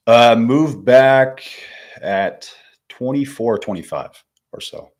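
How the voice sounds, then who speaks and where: This podcast guest, a California man in his twenties, spins stories in a casual interview with a laid-back, slangy style, calling the host "man" and "bro." He talks slowly at a medium pitch.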